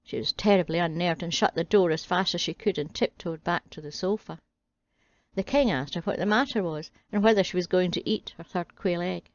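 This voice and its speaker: A woman's voice: lowish voice, brisk, no echo, muffled recording. Wry woman reading a fairy tale. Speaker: storyteller.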